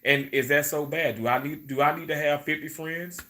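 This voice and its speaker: A man's voice: fairly high pitch, fairly even intonation, normal speed, sharp tone, a little hiss or hum. Chatty man rambling on a live stream. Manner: rambling, repeats words, talks to viewers as y'all. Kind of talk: casual live stream chat reading comments.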